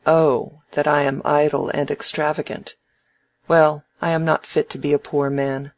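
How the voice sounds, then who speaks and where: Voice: medium pitch, little pitch movement, unhurried, lightly acted. A reader doing idle, proud young man Fred. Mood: brash. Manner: brash, emphatic. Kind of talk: audiobook dialogue reading.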